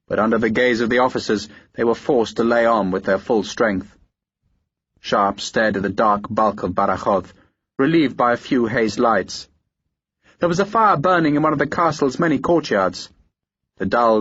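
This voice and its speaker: Husky guy reading an audiobook, measured and steady, dry dull sound. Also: mid-range voice, no room sound. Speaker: audiobook narrator. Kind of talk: scripted audiobook narration.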